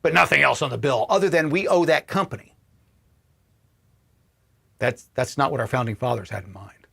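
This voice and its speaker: A man hosting a political livestream, ranting with profanity and swinging between shouting and low muttering. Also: lively intonation, normal speed, creaky. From Indiana, US. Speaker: political commentary host.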